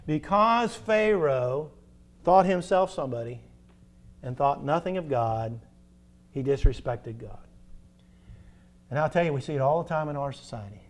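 A man preaching a sermon as pastor, stressing points with rhetorical questions and swinging from loud emphasis to drawn-out soft endings. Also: fairly high pitch.

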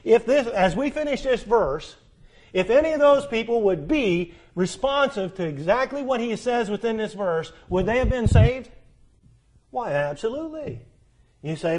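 Guy preaching, pretty high voice, keeps asking the crowd questions and repeating lines. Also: animated, normal speed, a little mellow. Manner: rhetorical questions to the congregation, repeating phrases for emphasis. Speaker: pastor. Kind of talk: sermon.

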